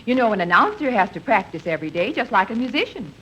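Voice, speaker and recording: A woman's voice: medium pitch, very animated, quick pace, bright, forceful tone, lo-fi sound. A woman playing a sweet, doting housewife in a 1950s radio comedy, with a sugary, coaxing, sing-song manner. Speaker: announcer's wife. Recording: faint hiss of old radio broadcast.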